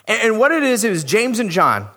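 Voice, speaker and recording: Animated male pastor, bright and sharp, sermon in a reverberant church hall. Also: sits high, brisk. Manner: animated, rhetorical questions, acts out quotes. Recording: long reverb of a big hall.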